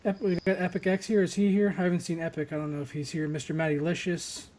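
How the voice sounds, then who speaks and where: A man hosting a casual tech and gaming podcast, chatting fast and excitedly with loose slang. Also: a little high. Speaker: host.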